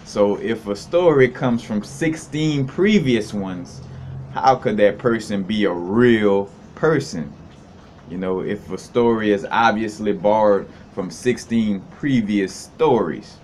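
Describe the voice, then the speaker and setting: Man, very low pitch, casual monologue, meandering explanation, slight room noise. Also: slow, a little mellow. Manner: meandering, loose explanatory delivery. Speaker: video host explaining esoteric ideas.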